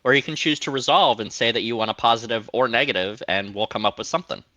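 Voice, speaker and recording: A male game master running a tabletop game, explaining the options in an easygoing way. His voice is very bright and tense, mid-pitched, and recorded dry and close. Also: quick pace, no echo, muffled recording. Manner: relaxed, explanatory, laughs easily.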